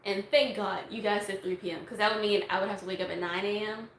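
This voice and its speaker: A woman's voice: mid-range voice, steady tone, quick pace. Young woman, chatty livestream Q&A, rambling with fillers, phone mic, echoey room, faint hiss. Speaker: YouTube streamer answering viewer questions. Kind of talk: casual livestream Q&A. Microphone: phone on a tripod.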